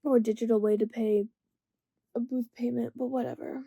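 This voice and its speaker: A woman's voice: a little high, fairly even intonation, brisk, creaky, warm tone, breathy edge, no echo. A young woman vlogger ranting late at night, exasperated, rambling and swearing constantly.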